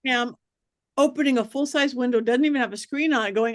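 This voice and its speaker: A woman with a fairly high voice, speaking as a psychic medium who is a guest on a podcast. She tells her stories with animation and slips into the voices of the people in them. The sound is dry and close, with no room echo. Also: quick pace. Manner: lively, acts out quoted voices. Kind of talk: animated storytelling in a podcast interview.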